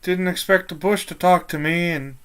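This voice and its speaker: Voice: medium pitch, normal speed, clean tone, lightly acted. A game master voicing a nervous male camp guard who stammers and panics easily. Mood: awkward.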